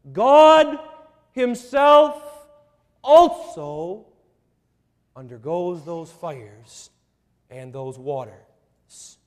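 A man preaching a sermon, slow and emphatic, with repeated rhetorical questions. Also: sits high, a little mellow, in a large hall.

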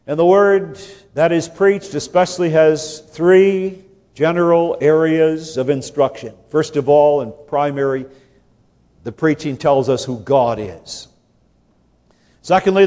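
A man's voice: fairly high pitch, darkish tone. Preaching man in a reverberant hall. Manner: measured, emphatic preaching with rhetorical questions. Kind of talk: sermon.

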